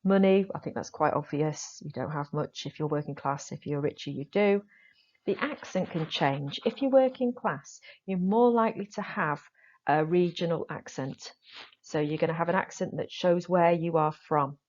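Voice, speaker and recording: A woman drama teacher explaining a lesson to her students, stressing the key points with lively emphasis. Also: sits low, moderate pace, lo-fi sound. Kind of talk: recorded classroom lesson.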